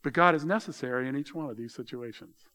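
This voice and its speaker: A man preaching a sermon in a conversational way, explaining words and slowing down to drop softly on key phrases. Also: medium pitch. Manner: conversational, explains word meanings, tells people to underline; slows for emphasis, drops soft on key phrases. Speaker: pastor.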